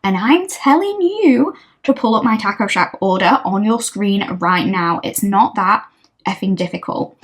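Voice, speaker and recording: Woman putting on a bossy shouting customer. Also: medium pitch, expressive, a little slow. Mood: demanding. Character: rude demanding middle-aged woman customer.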